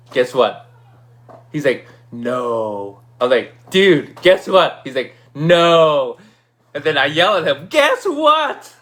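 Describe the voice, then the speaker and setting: A man casually telling a personal story, acting out his own excited shouts. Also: a little high. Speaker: vlogger.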